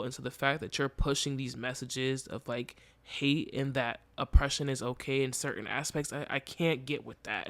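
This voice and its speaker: A man's voice: mid-range voice, fairly bright tone, smooth, no echo. A young man hosting a podcast, speaking candidly and earnestly in a reflective, emotionally open personal monologue. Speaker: podcast host.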